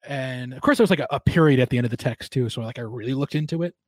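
A man's voice: mid-range voice, very fast, dry recording. A young man, a sports broadcaster, chatting casually and retelling a story with lots of fillers.

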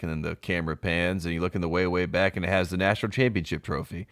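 A man's voice: sits low, steady tone, quick pace, a bit bright, dry recording, clean studio sound. A young man co-hosting a sports podcast, talking casually and enthusiastically, laughing as he goes. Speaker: podcast co-host.

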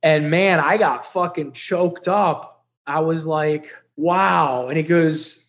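A man in his fifties, originally from Ohio, sharing his life story as an interview guest. He speaks in a fairly high voice that is earnest, emotional and peppered with swearing. The recording sounds slightly dull. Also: fairly even intonation, measured pace, hardly any pauses. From Ohio, United States. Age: 50s. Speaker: podcast guest.

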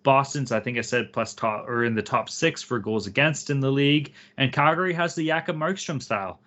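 A man's voice: medium pitch, a little fast, fairly bright tone, lo-fi sound. A man co-hosting a sports betting podcast, casual, profane and hyped as he talks. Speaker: podcast co-host.

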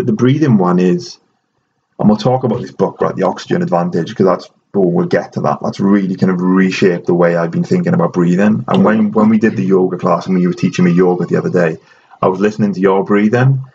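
A man with a very low, gravelly voice talks through ideas in a casual podcast chat, often restarting his sentences. The audio is dull and carries a faint hiss. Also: darkish tone. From Ireland. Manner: chatty, restarts often, explaining. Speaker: host.

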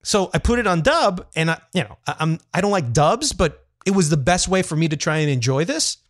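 A male podcast co-host in loose, casual conversation. His pitch swings widely as he talks, and he is blunt and ready to swear. He drives his points home with rhetorical questions. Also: expressive, fairly quick, no echo, studio quality.

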